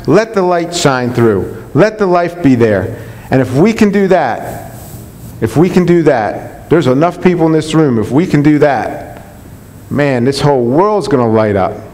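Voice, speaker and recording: Earnest man speaking in a reverberant hall. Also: fairly high pitch. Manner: earnest, repetitive, enthusiastic preaching tone with restarts. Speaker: chiropractor speaking to colleagues. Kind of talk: unscripted talk to a live audience.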